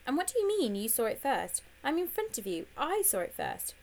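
A woman's voice: sits high, big pitch swings, moderate pace, vocal fry, a little mellow, voice pushed up, full character voice. A woman reading an audiobook, voicing a young schoolboy who protests and gets flustered in a raised, defensive voice. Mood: indignant.

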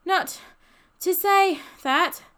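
A woman's voice: fairly high pitch, animated, brisk, a bit bright. A woman voicing a modern, matter-of-fact boy in an audiobook. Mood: panting. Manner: panting, dry, matter-of-fact. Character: modern boy, out of breath, sardonic.

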